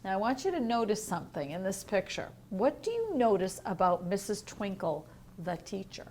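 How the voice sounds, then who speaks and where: A woman teacher reading a picture book aloud to young children in a home learning video, gentle and asking the listener questions. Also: medium pitch, sing-song, normal speed, a little hiss or hum. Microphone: home video recording.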